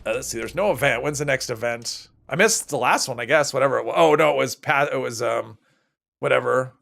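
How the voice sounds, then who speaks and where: Rambling gravelly-voiced man streaming a game. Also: mid-range voice, brisk, a bit bright. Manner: rambling, chats with viewers while playing. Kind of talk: casual gameplay commentary.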